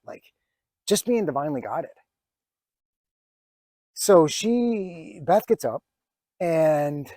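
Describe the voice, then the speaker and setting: A man's voice: fairly high pitch, darkish tone, no room sound. A man in his forties telling a personal story in a vlog, earnest and reflective, with many fillers and restarts, close to tears at times. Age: 40s. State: emotional, near tears at times. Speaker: vlogger.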